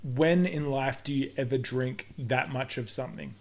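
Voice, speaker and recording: A man's voice: mid-range voice, moderate pace, creaky, crowd noise. A young Australian man chatting on a podcast. He tells stories with real energy, swears as he goes and acts out quotes in voices. It sounds casual and unscripted. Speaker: podcast guest. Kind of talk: casual chat.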